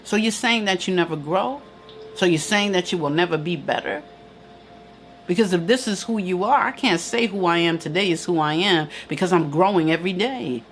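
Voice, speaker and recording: A woman's voice: fairly low pitch, normal speed. A woman giving an emphatic, preacherly motivational talk on a live stream. She repeats her key lines and answers viewer comments. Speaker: spiritual teacher hosting a live stream.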